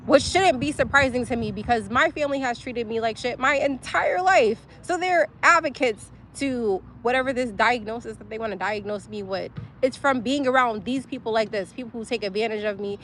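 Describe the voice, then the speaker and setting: A woman's voice: a little high, fairly quick, fairly bright tone, slight background noise. A young woman, venting angrily in a profane, emotional personal vlog. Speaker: livestream host.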